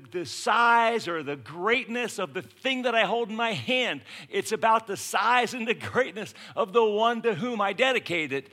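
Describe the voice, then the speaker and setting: A man preaching a sermon in a casual, conversational way, swinging from hushed lines to shouted ones. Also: high-pitched. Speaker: pastor.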